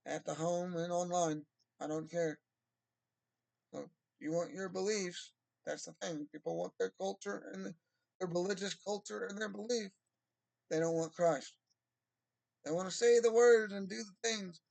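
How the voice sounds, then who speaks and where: A man's voice: high-pitched, steady tone, a little slow, creaky, long pauses, darkish tone, no room sound. A man talking in a casual, rambling monologue, drawling and swearing freely. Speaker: vlogger.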